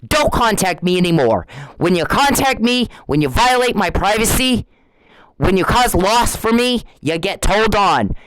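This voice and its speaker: This angry direct-address rant comes from a vlogger cursing at his harasser and hammering the same warnings repeatedly. His voice sits high with a fairly bright tone, and the audio is poor.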